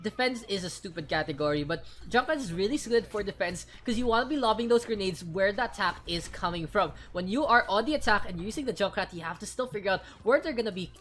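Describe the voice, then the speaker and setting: A woman from the Philippines doing quick, punning play-by-play commentary as an esports caster. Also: mid-range voice, expressive, fairly bright tone, slight background noise.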